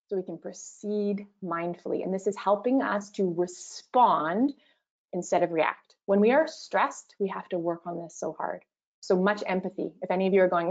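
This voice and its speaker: A woman leading an online workshop, speaking gently and encouragingly as she guides a mindfulness practice. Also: mid-range voice, moderate pace, lo-fi sound. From Canada. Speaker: workshop facilitator.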